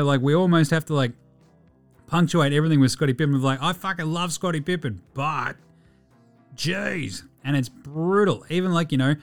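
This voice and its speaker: Australian man, podcast host, casual sports chat, swears a lot, slightly high voice. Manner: chatty, swears freely, quick asides. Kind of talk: casual basketball commentary.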